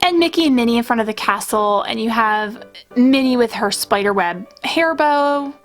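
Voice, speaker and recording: A young woman talks through her collection in a casual vlog, gushing and chatty with plenty of fillers. Her voice sits a little high. Soft music plays faintly underneath. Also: animated, normal speed. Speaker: pin collecting YouTuber. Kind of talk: casual show-and-tell vlog.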